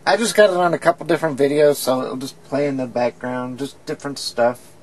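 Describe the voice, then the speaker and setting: A woman's voice: rumbling low, fairly quick, a little mellow. A woman chatting candidly in a casual, rambling video diary from her bedroom. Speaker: video diarist. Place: home bedroom, indoors.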